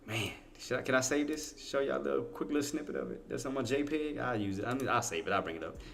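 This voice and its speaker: On a livestream about stock trading, a Cajun-accented Louisiana man chatters with excitement, using plenty of Southern slang and fixing his own words as he goes. He has a medium, gravelly voice, talks fast, and there's slight hiss or hum in the audio.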